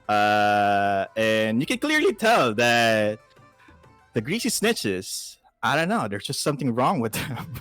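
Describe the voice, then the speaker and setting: A man narrating as game master, relaxed and chatty, with frequent filler sounds. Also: medium pitch, slow pace, faint music behind.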